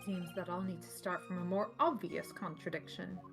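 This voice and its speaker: A woman voicing a cool, haughty male prosecutor in a measured, composed manner as she reads game dialogue aloud. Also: fairly low pitch, steady tone, over music, lightly acted.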